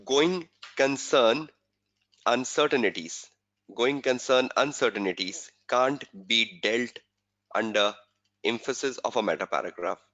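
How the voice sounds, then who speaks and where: Male tutor, webinar lecture, bright voice, muffled lo-fi sound, repeats himself. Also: fairly low pitch, a little slow. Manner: repetitive, quizzing rhetorical questions. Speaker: exam tutor. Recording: dull lo-fi webinar audio.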